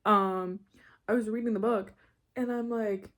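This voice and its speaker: A young university student vlogs from her bedroom, ranting casually and rambling, often cutting herself off to laugh. Her voice sits at medium pitch with fairly even intonation, a touch slow and a bit bright.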